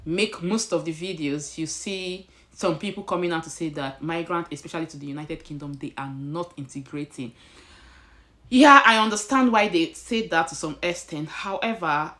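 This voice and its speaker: A woman's voice: low voice, fairly bright tone. A woman with a Nigerian accent chatting casually to camera at home, slipping in Pidgin phrases. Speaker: vlogger. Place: indoors at home.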